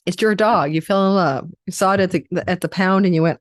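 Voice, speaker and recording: A woman's voice: lowish voice, fairly quick, dry recording, studio quality. A tired woman astrologer giving a rambling, chatty forecast and running through lists of possibilities. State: tired, yawning.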